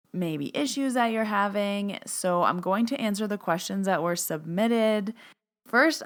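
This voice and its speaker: A woman hosting a podcast as a spiritual medium, chatty and emphatic, turning loud and stern when she stresses a point. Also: fairly low pitch, smooth. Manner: emphatic, stern and loud when quoting her own boundary commands; chatty, with "like" fillers and playful asides. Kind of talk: casual solo podcast talk.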